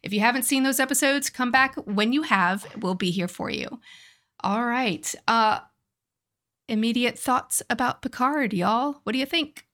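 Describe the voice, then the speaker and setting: A woman hosting a podcast, chatting casually with her panelists and speaking in a lively way. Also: on the high side, measured pace. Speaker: podcast host.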